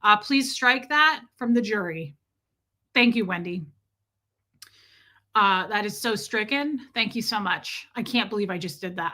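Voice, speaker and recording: A woman's voice: mid-range voice, lively intonation, measured pace, pauses often, bright, forceful tone. A young woman from the Midwest with a Midwestern accent, chatting casually on her livestream, rambling and answering viewers' comments. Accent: Midwestern American. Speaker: livestream host.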